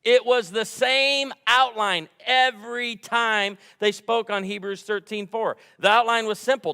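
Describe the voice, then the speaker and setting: A man preaching a sermon as pastor, animated and fired up, telling humorous stories from a church stage. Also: sits high, measured pace, hardly any pauses, smooth. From United States. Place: large church sanctuary. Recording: long hall reverb.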